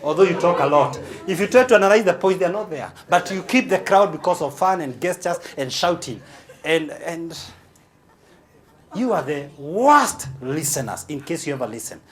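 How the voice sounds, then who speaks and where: A man's voice: a little high, animated, moderate pace. A man with a Kenyan accent giving a humorous conference speech, teasing and provocative in a large hall. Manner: teasing, punchy, playfully provocative. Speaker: motivational speaker. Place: large hall with a live audience.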